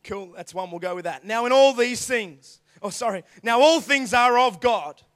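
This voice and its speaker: A male youth preacher with a strikingly high voice delivers a lively sermon. He drops to quiet asides and then builds to shouted lines, acting out scenes as he goes. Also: normal speed. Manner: animated, acts out angels' voices, swings from quiet asides to shouts. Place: church youth hall.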